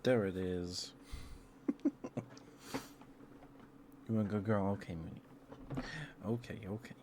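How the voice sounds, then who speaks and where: A man streaming ASMR, talking softly and affectionately to his viewers into a close microphone. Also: on the low side, fairly even intonation, slow, noisy background. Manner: soft, affectionate murmuring to viewers. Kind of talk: ASMR livestream chat.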